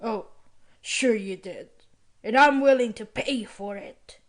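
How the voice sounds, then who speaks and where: A woman's voice: fairly high pitch, slow. A woman doing a whining guilty hotel man. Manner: whining, defensive. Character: whining guilty middle-aged male hotel owner.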